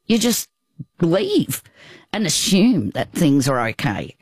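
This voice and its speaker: An older Australian woman tells a personal story at an unhurried pace. She talks haltingly, with restarts and asides. The sound is close and dry. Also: deep voice, big pitch swings, a little mellow, slightly rough, no room sound. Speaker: guest.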